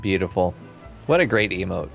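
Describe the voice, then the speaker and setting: Man streaming a game, casual chat, relaxed, lively pitch. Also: moderate pace, gravelly, faint music behind. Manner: relaxed, chatty, swearing. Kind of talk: casual let's-play chat.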